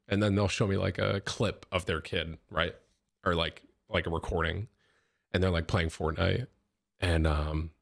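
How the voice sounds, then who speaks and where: A man's voice: low-pitched, vocal fry, fairly bright tone. A man in his thirties, a streamer chatting casually at a desk mic, rambling with many restarts and frequent laughs. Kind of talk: casual chat.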